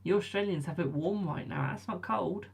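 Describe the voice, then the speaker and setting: English woman, young, lowish and gravelly, casual teasing stream host, faint hum. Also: moderate pace. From England. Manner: chatty and teasing, reading out viewer comments. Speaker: live stream tarot reader. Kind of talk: casual live-stream chat with viewers.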